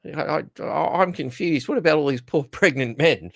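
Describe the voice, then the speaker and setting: A man's voice: fairly high pitch, moderate pace, vocal fry, dry recording. An Australian man hosting a casual solo podcast, rambling along, stammering over repeated words and chuckling at his own jokes. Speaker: podcast host.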